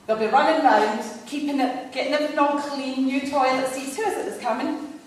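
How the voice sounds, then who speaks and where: Woman, live comic storyteller, high voice, distant mic in a boomy hall. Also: steady tone, fairly quick. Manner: chatty, digressive, laughs at her own lines. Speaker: storyteller at a live comedy night. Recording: echoey hall, distant mic, faint noise.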